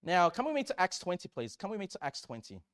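Male pastor, emphatic sermon delivery, high and very lively pitch. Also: quick pace, clear, resonant tone. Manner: emphatic, swings from loud fervor to quiet asides.

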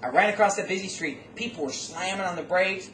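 Male storyteller, casual and animated, prone to rambling restarts; off-mic in an echoey room. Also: high-pitched, brisk. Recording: roomy, distant mic, faint background noise.

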